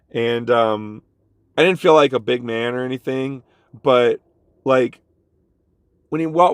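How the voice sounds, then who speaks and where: A man's voice: medium pitch, creaky, dry recording, studio quality. A man telling a casual story about a bad job to his vlog audience, jumping into the voices of the people in it. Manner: animated, jumps into quoted voices. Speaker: vlogger.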